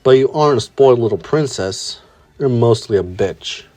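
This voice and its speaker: A man's voice: medium pitch, expressive, normal speed, mellow, natural voice. A man voicing a hot-tempered teenage boy in a fan story, speaking bluntly and insultingly. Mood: scornful.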